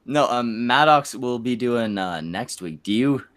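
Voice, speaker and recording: Rambling French Canadian stream host. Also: male voice, mid-range voice, lively intonation, measured pace, a bit bright. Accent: Quebec French Canadian. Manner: rambling, full of fillers and restarts. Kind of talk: casual crude banter.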